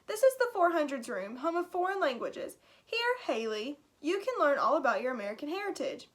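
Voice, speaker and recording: A woman voicing a jolly male announcer who booms from ceiling speakers in a storybook. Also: very animated, fairly quick. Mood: booming.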